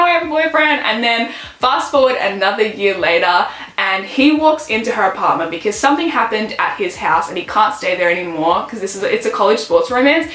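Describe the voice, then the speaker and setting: A woman's voice: medium pitch, a bit bright, roomy sound, low-quality recording. A woman in her late teens, a book vlogger, chatting casually and gushing about books she loves. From Australia. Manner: gushing, chatty, fond of "literally" and "so good".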